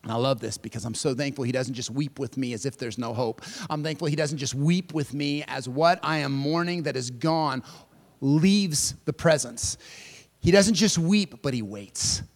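A man preaching a sermon as pastor. He swings between loud, emphatic lines and soft, hushed passages, and speaks straight to his listeners as "friend". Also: mid-range voice, moderate pace, in a large hall.

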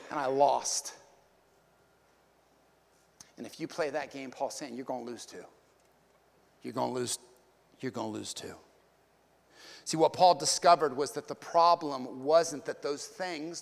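High-voiced pastor preaching in a reverberant hall. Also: male voice, creaky. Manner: animated, swinging between loud emphatic peaks and hushed asides; conversational, with repeated words and casual slang. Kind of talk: sermon.

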